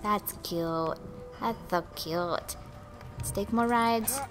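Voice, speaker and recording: A young woman hosting a gaming channel, giving casual let's-play commentary in an excitable, giggly way that jumps to squeals over little things. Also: mid-range voice, slow pace. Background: game music.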